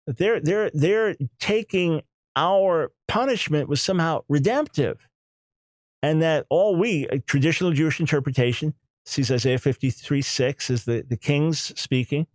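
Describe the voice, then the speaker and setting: A man's voice: on the high side, no room sound. Emphatic older man hosting a radio talk show. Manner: emphatic, animated, quick bursts of speech.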